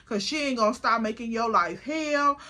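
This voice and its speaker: Woman quoting a chatty, blunt older mother, high bright tone. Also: moderate pace. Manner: blunt, folksy.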